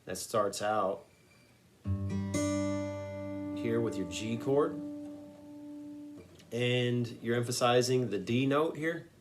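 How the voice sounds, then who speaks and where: A man's voice: medium pitch, takes it slowly, long pauses. A man teaching a guitar song note by note, patiently walking through each finger move and sometimes singing a lyric. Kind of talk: step-by-step guitar lesson.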